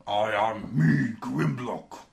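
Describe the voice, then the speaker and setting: A man's voice: mid-range voice, slow, creaky. A British man voicing a dim, boastful male robot dinosaur who talks in broken caveman grammar.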